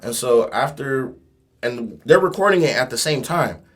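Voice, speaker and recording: A man's voice: mid-range voice, animated, moderate pace. Laid-back storytelling man from Fresno. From Fresno, California. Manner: laid-back, profane, rambling anecdotes. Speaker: podcast guest, tuba player. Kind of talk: casual chat, storytelling.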